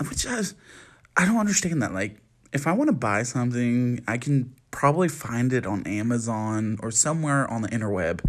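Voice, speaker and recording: Young male podcast host, sassy, chatty, lively pitch. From United States. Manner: sassy, chatty, animated, lots of fillers. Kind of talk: casual solo podcast chat. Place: at home at night.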